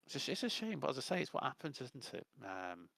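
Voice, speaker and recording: A man's voice: medium pitch, wildly swooping pitch, quick pace, creaky, fairly bright tone, dry recording. A man in a casual gaming voice chat, rambling as he explains game rules at length. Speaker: gamer in a voice chat.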